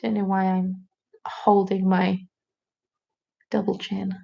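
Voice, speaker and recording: A chatty British woman hosting a live stream, rambling from one joke to the next in a casual way. Her voice sits in an ordinary middle pitch. The audio is a little dull and lo-fi. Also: monotone, slow, vocal fry, warm tone. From United Kingdom.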